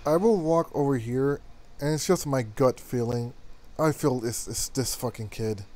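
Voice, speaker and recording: A man's voice: mid-range voice, unhurried, darkish tone. A man playing a tabletop role-playing game, suspicious and swearing freely. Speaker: player.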